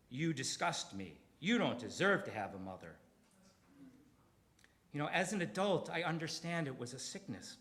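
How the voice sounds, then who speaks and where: On a theater stage, a middle-aged man with a medium-pitched voice performs a confessional storytelling comedy set, swinging from quiet to loud and emphatic.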